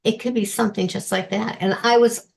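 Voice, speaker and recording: A woman's voice: a little high, steady tone, a little fast, creaky, slight background noise. A woman guest author telling personal stories in a chatty way and laughing often during an interview. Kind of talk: casual interview chat.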